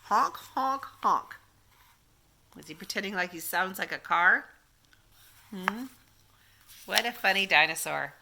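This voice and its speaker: An older woman, a grandmother, reading a picture book aloud to a child in an animated way, stopping to ask questions. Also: fairly low pitch, normal speed, vocal fry, pauses often, background noise.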